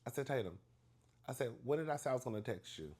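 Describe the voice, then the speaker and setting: A man telling a story to the camera in a chatty, animated way, acting out the dialogue with big emphasis and calling the listener "girl". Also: medium pitch, quick pace, slightly rough. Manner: acts out dialogue with exaggerated emphasis.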